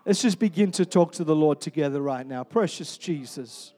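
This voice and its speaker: A man's voice: a little high, quick pace, dark tone. A young adult man preaching a sermon to a congregation, telling a personal story and calling out "Amen?" as he goes. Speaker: pastor. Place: church hall.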